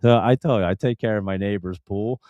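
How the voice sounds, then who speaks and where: A man's voice: fairly low pitch, fairly quick, dark tone, no echo, muffled recording. Rambling man telling a story. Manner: rambling, full of "like" and restarts. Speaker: stock channel host. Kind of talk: casual storytelling.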